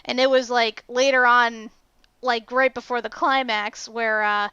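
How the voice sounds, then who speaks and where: Young woman ranting about a movie, bright clear voice, dry close sound. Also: a little high, a little slow, no echo, muffled recording. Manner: animated, exasperated, swears freely. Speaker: podcast co-host. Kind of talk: casual film review chat.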